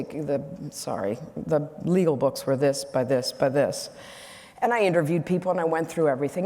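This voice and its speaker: A woman's voice: low-pitched, dark tone. A woman in her sixties, a guest speaker at an event, telling humorous anecdotes in a candid way and often correcting herself mid-sentence. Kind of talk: onstage conversation with anecdotes. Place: event hall. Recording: echoey hall reverb.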